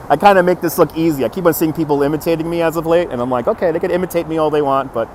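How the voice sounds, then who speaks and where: A slightly high-voiced man, talking a little fast, hosts a live walking stream along a city waterfront street. Upbeat and chuckling often, he greets viewers one by one, recorded on a phone on a handheld gimbal with faint traffic in the background.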